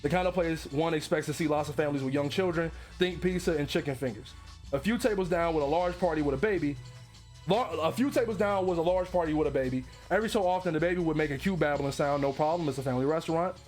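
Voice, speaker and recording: A man reading online stories aloud, breaking off to riff and laugh loudly with lots of swearing. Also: fairly high pitch, quick pace, soft background music. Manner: loud laughter and profane riffing between readings. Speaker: streamer reacting to stories.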